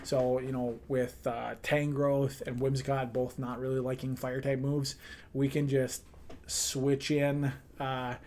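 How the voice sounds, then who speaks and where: A man's voice: medium pitch, flat delivery, takes it slowly, a little mellow, slight background noise. A man giving a casual review of his team, loose and chatty, with many "um"s and playful slang. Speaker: draft league team manager.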